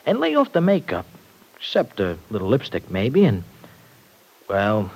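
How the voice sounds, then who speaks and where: A man's voice: on the low side, wildly swooping pitch, unhurried, husky, exaggerated voice, low-quality recording. A slangy tough young guy. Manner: slangy tough-guy talk, dropped grammar. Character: tough streetwise young working-class man. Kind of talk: 1940s radio acting. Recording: old radio broadcast recording.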